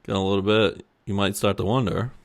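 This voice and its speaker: A man's voice: on the low side, steady tone, fairly quick, dry recording. A man co-hosting a podcast in casual chat, laughing often and restarting his sentences. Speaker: podcast co-host.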